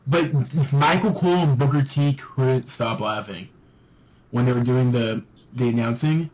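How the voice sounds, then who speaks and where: A man's voice: medium pitch, a little slow, a little mellow, low-quality recording. A man hosting a casual wrestling review podcast, calling on each panelist in turn. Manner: leads the round, asks each panelist in turn. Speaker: podcast host.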